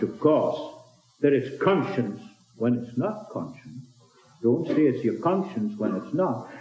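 A man delivers a sermon in a fairly high voice that swings widely up and down. He stresses his points by repeating key phrases. The recording sounds roomy and dull, like an old lo-fi tape. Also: a little mellow. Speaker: preacher.

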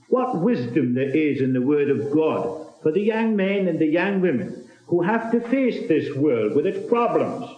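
A man delivers a sermon in a fairly high voice that swings widely up and down. He stresses his points by repeating key phrases. The recording sounds roomy and dull, like an old lo-fi tape. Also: sing-song, a little slow. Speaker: preacher.

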